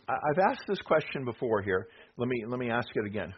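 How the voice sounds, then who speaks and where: A man's voice: mid-range voice, very animated, fairly quick, slightly rough. A middle-aged man preaching conversationally, reading scripture aloud between rhetorical questions and asides to the congregation. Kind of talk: sermon with slides. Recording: dull lo-fi with faint noise.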